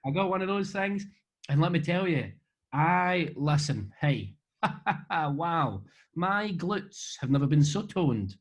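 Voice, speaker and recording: A man's voice: a little high, big pitch swings, slow, rough recording. A man with a Scottish accent, answering fan questions over a video call in a rambling, jokey, self-deprecating way. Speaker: interview guest. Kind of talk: rambling casual chat. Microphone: video call webcam.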